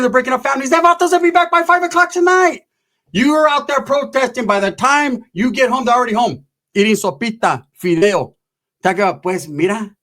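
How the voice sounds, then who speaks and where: Man, profane casual storytelling, rambling, slangy, slightly high voice. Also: a bit bright.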